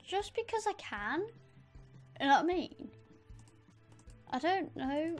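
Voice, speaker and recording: A woman giving chatty let's play commentary, easily excited and talking straight to her viewers. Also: high-pitched, takes it slowly, faint music behind. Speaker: gamer.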